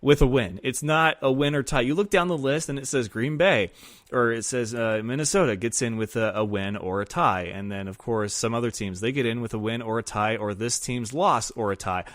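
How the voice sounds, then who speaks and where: A man hosting a casual sports talk show, chatting and rambling in a lively way. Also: medium pitch, a little fast, no echo, studio quality. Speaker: podcast host.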